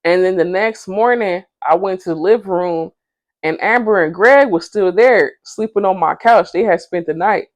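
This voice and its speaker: Young woman, mid pitch, dry close sound, slangy animated storyteller. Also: moderate pace, dry recording. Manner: animated, profane, slangy, acts out quotes in her own voice. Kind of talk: casual storytime.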